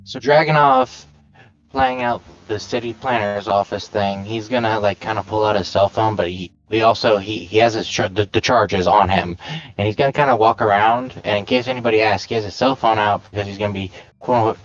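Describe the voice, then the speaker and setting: A man describes his moves in a tabletop game, rambling and correcting himself. His voice is lowish. The recording is dry and dull. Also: fairly quick, no echo. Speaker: player.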